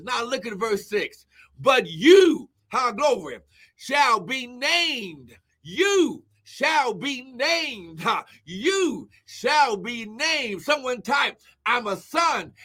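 A man preaching a fervent live-streamed sermon, shouting exclamations of glory and breaking into tongues as he prays. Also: very high voice. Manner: speaks in tongues between phrases.

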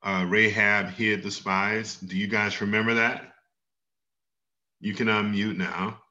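A man teaching an online Bible class, speaking slowly and patiently and asking the class questions. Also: lowish voice, level tone, sharp tone. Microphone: video call. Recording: dull lo-fi video call audio.

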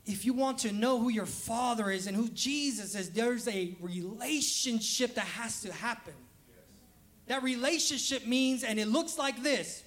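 High-voiced man preaching a lively sermon. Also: unhurried. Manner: conversational, acts out quoted voices, laughs at himself. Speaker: pastor. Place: church sanctuary.

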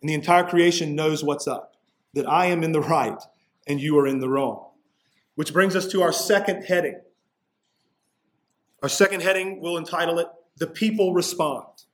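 Male pastor, expository sermon, slightly higher voice, emphatic on key lines. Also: normal speed. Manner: expository preaching, rising intensity on key points.

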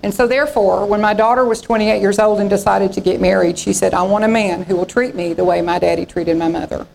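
A woman in her sixties preaches a sermon with a gravelly, slightly creaky edge to her voice. She tells stories in a folksy way and slips into the voices of the people in them. A faint hum sits behind her. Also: mid-range voice, fairly even intonation, fast, darkish tone, rough recording. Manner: folksy storytelling preacher, acting out quoted voices. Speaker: pastor.

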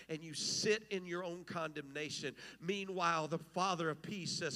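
A man's voice: a little high, normal speed, hardly any pauses, bright, forceful tone, long reverb tail. A man preaching an impassioned, emphatic sermon as pastor, rising and falling in intensity.

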